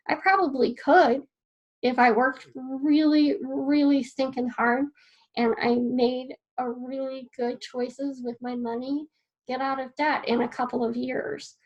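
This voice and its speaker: A woman's voice: high-pitched, fairly even intonation, unhurried, highs cut off. A woman teaching a class in an earnest, personal way, repeating key phrases as she writes notes on a board. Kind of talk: casual spoken lesson.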